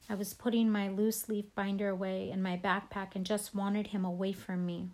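A woman's voice: medium pitch, level tone, moderate pace, hardly any pauses, a little mellow, rough recording. Woman reading a story aloud. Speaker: teacher reading aloud to a class.

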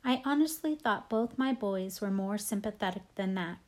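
A woman's voice: medium pitch, moderate pace, darkish tone, close to an everyday voice. A woman voicing a firm, lecturing mother of two boys in a storybook reading. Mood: stern. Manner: stern, lecturing.

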